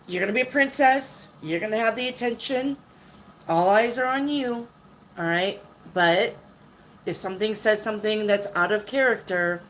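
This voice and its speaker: A woman giving casual live-stream tarot readings. She answers viewers' questions out loud and keeps checking in with "okay?", clearing her throat now and then. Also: mid-range voice, slight background noise, low-quality recording. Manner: chatty, checks in with "okay?" and "all right?" often; reads viewer questions aloud and answers them. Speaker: tarot reader.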